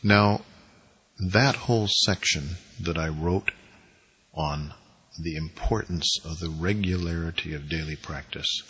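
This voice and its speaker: A man with a husky voice giving an emphatic, deliberately inflected spiritual lecture on priesthood. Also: deep voice, bright, forceful tone, rough recording. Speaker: spiritual teacher.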